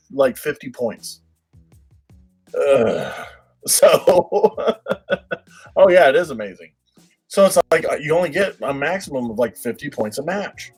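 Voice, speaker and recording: Husky-voiced man rambling on a livestream. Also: on the high side, poor audio. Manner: rambling, repeats words, laughs often. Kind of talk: casual livestream chat with viewers.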